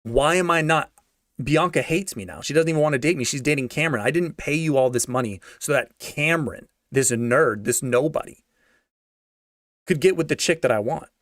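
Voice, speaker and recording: A man quoting an entitled young high-school jock in a whiny, indignant tone. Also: moderate pace, fairly bright tone, no room sound, clean studio sound, close to an everyday voice.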